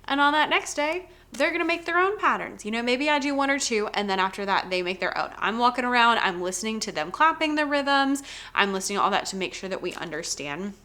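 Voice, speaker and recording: A chatty woman explains how she teaches music. Her voice is bright, and her pitch leaps around a lot as she acts out her students in a sing-song way. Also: expressive, fairly quick. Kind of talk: casual teaching vlog.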